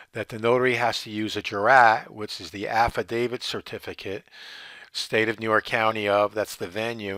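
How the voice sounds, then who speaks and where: A man's voice: medium pitch, pushed and bright, no room sound. A man teaching notary procedure in an explanatory way, asking rhetorical questions and then answering them. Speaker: notary instructor. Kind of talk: instructional explanation.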